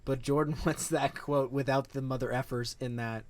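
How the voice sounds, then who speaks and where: A man co-hosting a casual podcast chat among friends, talking quickly and getting loud and laughing when teased. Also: mid-range voice, fairly even intonation, a loud crowd. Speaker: podcast co-host.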